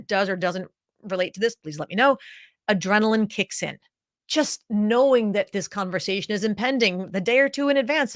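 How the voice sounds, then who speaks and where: A woman coaches leaders in an emphatic, deliberate presentation, slowing down and demonstrating speech habits to make her points. Her voice sits at an ordinary middle pitch for a woman. It is recorded close and dry, with no room echo. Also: fairly bright tone. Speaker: executive voice coach.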